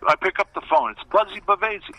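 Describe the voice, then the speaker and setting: An older man, a former baseball pitcher, telling stories from his playing days in an interview and acting out the dialogue with lively voices. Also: fast, noisy background. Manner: animated, acts out quoted dialogue. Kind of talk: storytelling interview.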